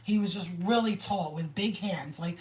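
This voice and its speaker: A woman chatting casually on a spiritual livestream, excitable and slangy, swearing freely. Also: on the low side, normal speed, reverberant, poor audio.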